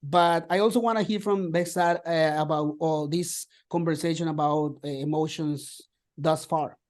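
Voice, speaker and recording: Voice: mid-range voice, steady tone, normal speed, a little mellow. A host leading a casual academic discussion, chatty and loose, with frequent fillers.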